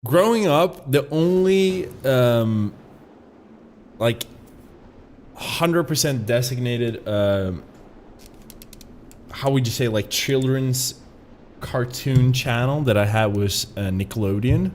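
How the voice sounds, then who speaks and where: A man from Sweden with a Swedish accent, streaming and reacting to a video with loud, incredulous commentary and plenty of swearing. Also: medium pitch, takes it slowly, long pauses, slight background noise.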